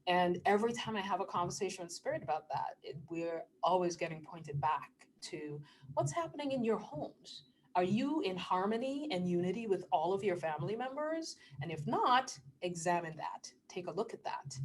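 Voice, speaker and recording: Earnest woman with a low voice. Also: lively intonation, moderate pace, a little hiss or hum. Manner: earnest, emotional, laughs often while talking. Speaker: vlogger. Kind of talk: casual spiritual talk to camera.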